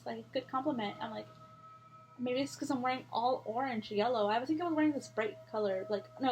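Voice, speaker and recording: A woman's voice: fairly high pitch, a little hiss or hum. Rambling young woman telling a story. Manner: rambling, animated, swears freely, acts out quotes. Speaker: vlogger. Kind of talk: casual storytelling to camera.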